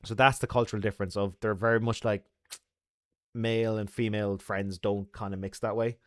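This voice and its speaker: A man's voice: on the low side, level tone, brisk, no room sound, clean studio sound. A man with an Irish accent chatting casually with viewers from a bar, joking and laughing often. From Ireland. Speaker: host. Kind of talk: casual live chat with viewers.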